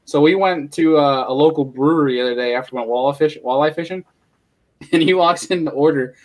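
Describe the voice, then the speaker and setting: A man's voice: a little high, a little fast. A man from New York State hosting a podcast, chatting easily and asking questions. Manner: easygoing, asks questions. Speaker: podcast host. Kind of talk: casual podcast chat.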